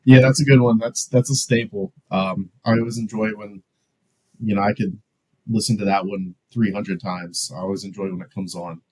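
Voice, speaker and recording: A man co-hosting a casual business talk show, speaking in a relaxed, rambling way. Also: fairly low pitch, moderate pace, breathy edge, poor audio. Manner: relaxed, rambling with fillers and restarts. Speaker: co-host. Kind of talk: casual business podcast chat.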